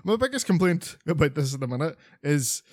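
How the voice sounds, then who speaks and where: A man's voice: fairly high pitch, very animated, a little fast, dry recording, clean studio sound. A man co-hosting a podcast, chatting casually and rambling with lots of swearing, fillers and restarts. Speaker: podcast co-host.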